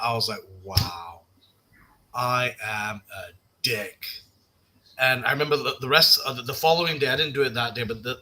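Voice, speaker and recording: A young man on a podcast, telling personal stories in a casual chat, halting and self-mocking with many restarts. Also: medium pitch, sharp tone, poor audio. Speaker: podcast guest.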